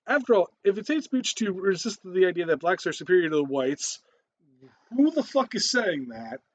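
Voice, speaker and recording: Lively profane ranting man. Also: high voice, moderate pace. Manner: heavy swearing, ranting, frequent laughs. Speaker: commentator. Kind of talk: profane reaction commentary.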